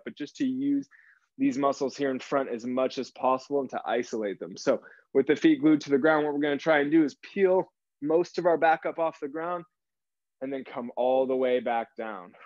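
An upbeat male fitness instructor talks a class through a core workout, a little out of breath as he cues each move. His voice sits at an ordinary middle pitch. The sound is dry and a bit dull, like a video-call mic. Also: dry recording. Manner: upbeat coaching cues, encouraging. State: slightly out of breath. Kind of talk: live online workout class.

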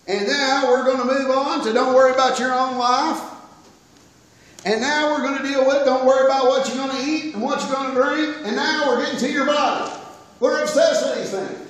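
An older male preacher with a very high voice, talking in a folksy, self-mocking way that swings between loud and hushed. He sounds far off in a church with a long, echoey reverb. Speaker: pastor. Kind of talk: sermon. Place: church sanctuary.

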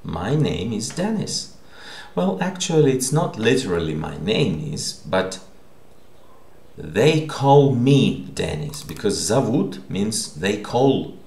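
A man's voice: lowish voice, very animated, takes it slowly, gravelly, darkish tone. A man teaching a language lesson, patiently explaining and repeating words, often checking in with "okay?". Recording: echoey room.

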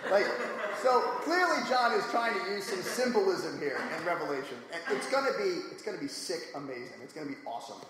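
A man's voice: high voice, very animated, quick pace, few pauses, crowd noise. A man on a live panel discussion, talking casually and with animation, joking and slipping into mock quotes as he retells stories. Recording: echoey live hall with faint noise.

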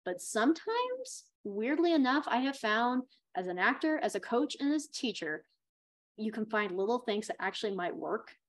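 Chatty woman acting coach, fairly high voice. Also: moderate pace. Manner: chatty, encouraging, expressive. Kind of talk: workshop talk on auditions.

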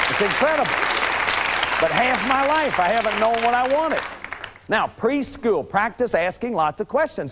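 A man in his fifties giving a lively lecture, acting out little scenes and restarting sentences with repeated words. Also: high-pitched, heavy background noise. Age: 50s. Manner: animated, acts out little scenes with sudden shouts and growls. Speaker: lecturer on family therapy.

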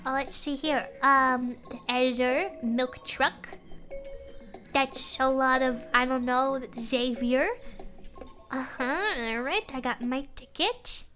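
A woman's voice: high-pitched, steady tone, takes it slowly, bright, forceful tone, soft background music. A woman streamer chatting casually over gameplay, bubbly and swearing when startled.

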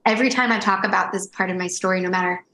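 A woman's voice: medium pitch, steady tone, very fast, bright, forceful tone. A woman in her thirties, a guest telling her story in an interview, earnest and emotional, with many restarts. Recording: roomy echo.

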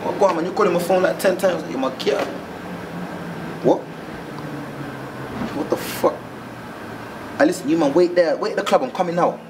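A man playing a young gang member, a touch high in pitch, speaking in loose street slang. He sounds set back from the microphone, with clear background noise around him. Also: moderate pace, long pauses, far from the mic, natural voice. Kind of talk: indie street film acting.

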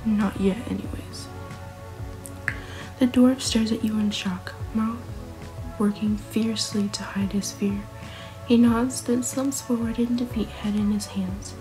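A woman narrating an interactive story in a soft, hushed, second-person whispered role-play. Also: a little high, fairly even intonation, measured pace, soft background music, poor audio.

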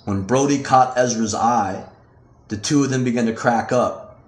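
A man narrating his own novel in a steady, measured way. His voice sits at an ordinary middle pitch. The recording carries a noticeable room echo. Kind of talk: audiobook narration.

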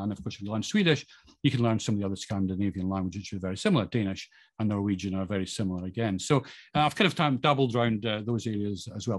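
A middle-aged man with a Scottish accent talks in a loose, rambling way, full of ums and restarts. His pitch sits in an ordinary middle range. The sound is close and dry, with no room around it. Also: dry recording. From Scotland. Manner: rambling with frequent fillers and restarts. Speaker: podcast guest. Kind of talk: casual monologue.

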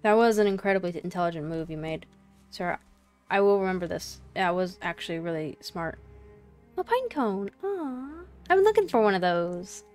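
A woman's voice: on the low side, expressive, moderate pace, a little mellow, faint music behind. A woman commentating her own gameplay in a casual, playful way, chatting to the game's creatures and apologizing to them. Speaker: gaming channel host.

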